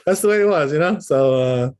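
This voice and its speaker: Male rabbi, informal class, somewhat raised pitch; chatty, repetitive, keeps checking his listeners follow. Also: darkish tone, smooth. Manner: explanatory, repeats words, checks in with "right?" and "you know?"; demonstrates pronunciation aloud. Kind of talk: informal Torah lesson.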